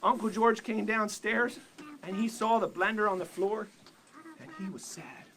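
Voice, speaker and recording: High-voiced man telling a church story. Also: measured pace, slight background noise. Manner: animated, laughs at own story. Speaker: preacher telling a children's story. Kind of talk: storytelling sermon.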